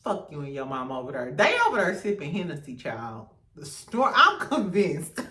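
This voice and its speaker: A woman's voice: deep voice, moderate pace, far from the mic. Sassy woman gossiping in a roomy echo. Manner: sassy, profane, laughs often, animated. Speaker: host. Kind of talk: casual reality TV gossip commentary.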